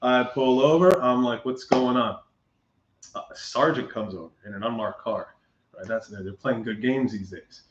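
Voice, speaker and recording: A man spins a casual story as a guest, acting out each person's lines and breaking into laughs. His voice sits at an ordinary pitch. The recording is muffled and echoes around the room. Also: moderate pace. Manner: animated, acts out quoted dialogue, laughs often.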